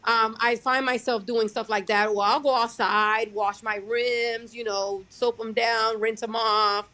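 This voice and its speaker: A young adult woman who drives her own truck, talking casually in a podcast interview, halting and restarting her sentences often. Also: fairly high pitch, level tone, pushed and bright. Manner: halting, many restarts and fillers. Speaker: guest, owner-operator truck driver.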